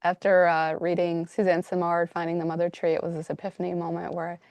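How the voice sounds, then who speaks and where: A woman's voice: lowish voice, flat delivery, fairly quick, darkish tone, no echo. A woman hosting a conversational podcast interview, effusive and affirming toward her guest. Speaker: podcast host.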